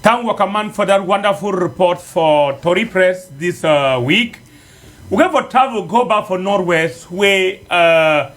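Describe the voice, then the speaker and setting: A man with a Cameroonian Pidgin English accent, hosting radio news and a phone-in show in a lively, chatty way. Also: on the high side. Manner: lively, chatty presenting with fillers. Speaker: news presenter and call-in host.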